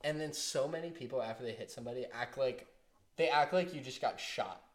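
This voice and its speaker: A man's voice: medium pitch, brisk. A young man with a mid-range voice, co-hosting a casual podcast. He speaks bluntly and with opinions, teasing his co-host with a lightly mocking edge. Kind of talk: casual chat.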